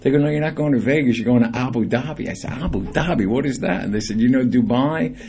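On a radio show, a middle-aged male singer spins lively anecdotes and plays the characters in them. He talks at a quick pace in a medium-pitched voice, and there's a little hiss or hum on the recording.

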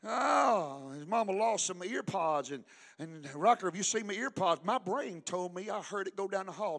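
High, bright-voiced preacher man. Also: lively intonation, moderate pace, gravelly. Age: older. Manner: preachy call-and-response, swings from hushed to shouting. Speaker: pastor. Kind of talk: sermon.

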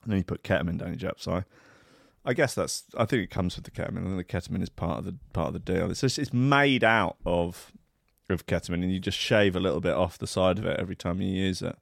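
A man hosting a radio show alone, rambling in a sardonic, sweary way, swinging from loud asides to mutters. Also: sits low, fast, vocal fry, no echo, clean studio sound. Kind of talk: rambling solo radio banter.

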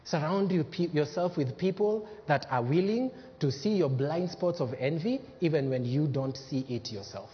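Male pastor with a high voice, preaching and acting out quotes, dull lo-fi recording. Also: animated, normal speed, few pauses, slightly rough. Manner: preaching with acted-out quotes and sudden swings from loud to hushed. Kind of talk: sermon. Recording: dull lo-fi sound with long hall reverb.

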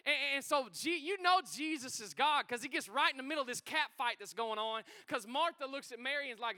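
High, bright, excitable male pastor. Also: a little fast. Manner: excitable, energetic and joking with the congregation. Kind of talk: sermon. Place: church sanctuary.

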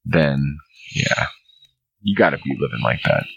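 A man's voice: very deep voice, measured pace, vocal fry, breathy edge, dry recording, highs cut off. A young man co-hosting a podcast, talking casually, swearing a lot and laughing often. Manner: profane, animated, laughs often. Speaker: podcast co-host.

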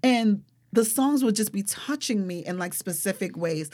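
A young woman tells her story in a relaxed, conversational way, with a voice sitting in the middle of the range. Her delivery is animated and expressive, and "like" comes up again and again. The feel is a casual interview guest sharing something personal. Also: medium pitch, moderate pace. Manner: animated, expressive, frequent fillers like "like".

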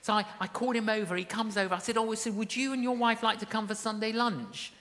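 A woman preaches to her congregation with a bright, forceful voice. She tells stories warmly and then rises to emphatic, repeated calls. Her voice rings out in a large church hall with a long echo. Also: on the high side, steady tone, fast. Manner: storytelling, rising to emphatic calls. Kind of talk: sermon.

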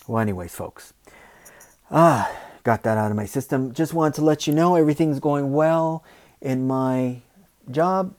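A man's voice: medium pitch, darkish tone. A man hosting a podcast, ranting opinionatedly and often checking in with "you know" and "okay". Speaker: podcast host.

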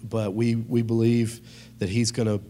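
Speaking at normal speed in a warm, medium-pitched voice with little pitch movement, a man delivers a funny sermon as pastor. He tells joking stories and calls out to his congregation over slight background noise.

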